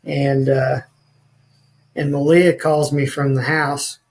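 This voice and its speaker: A man's voice: on the high side, level tone, takes it slowly, vocal fry, rough recording. A man, a podcast guest telling his life story in an earnest, rambling way with many restarts. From rural northwest Missouri.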